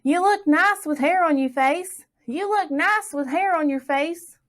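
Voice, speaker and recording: Storybook: woman plays a high-pitched, eager country boy who chants and hollers. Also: measured pace. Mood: chanting. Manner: singsong chanting, excited shouting. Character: forgetful young country boy, earnest and eager.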